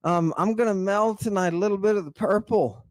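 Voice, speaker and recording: Theatrical high-voiced male lecturer. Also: a little fast, a little mellow, dry recording. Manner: theatrical, exclamatory, addresses listeners as a congregation. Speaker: lecturer on ancient texts. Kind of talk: livestream lecture.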